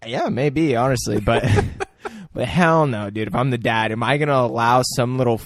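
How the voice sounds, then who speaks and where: Podcast co-host dude, relaxed and swearing, middle pitch, dry mic. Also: male voice, moderate pace, no room sound. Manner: laid-back, profane, laughs along. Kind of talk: casual chat.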